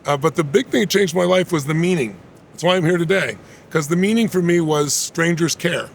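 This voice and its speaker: Interview guest, man in his 60s: gravelly, rapid-fire, emphatic storyteller. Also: fairly high pitch, a little hiss or hum.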